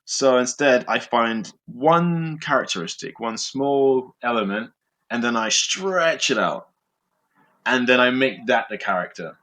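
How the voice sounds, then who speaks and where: A man talks through how he builds comedy characters. He speaks at a middle pitch and stops often with fillers as he thinks. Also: expressive, a bit bright. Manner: thoughtful, halting with fillers. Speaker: improviser. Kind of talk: interview answers.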